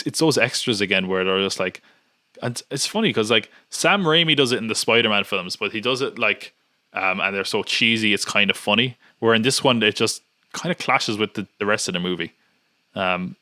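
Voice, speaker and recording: A man's voice: lowish voice, fairly quick, sharp tone, no echo, studio quality. A man hosting a podcast in casual chat, rambling and nitpicking with many restarts. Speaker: podcast host.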